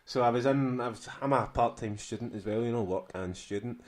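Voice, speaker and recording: A man's voice: medium pitch, a little fast. A man with a Glaswegian Scottish accent, co-hosting a podcast in casual chat, telling rambling, sweary stories and restarting his sentences. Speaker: podcast co-host.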